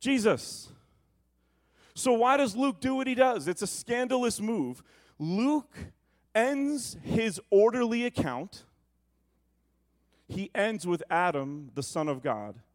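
High-voiced male pastor preaching. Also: lively intonation, slow, long pauses. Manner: preaching, shifting from booming to hushed asides. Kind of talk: sermon.

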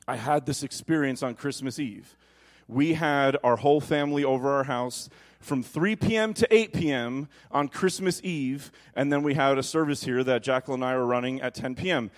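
A man in his thirties preaching a lively sermon in a church, telling stories animatedly and dropping soft and low when quoting God. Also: normal speed. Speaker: pastor.

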